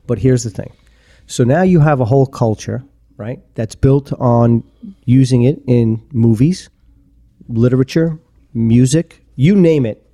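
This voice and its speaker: A man's voice: mid-range voice, unhurried, warm tone. A man co-hosting a podcast, making his point in a rambling, emphatic way full of restarts and repeats. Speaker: podcast co-host. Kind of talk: casual opinionated chat.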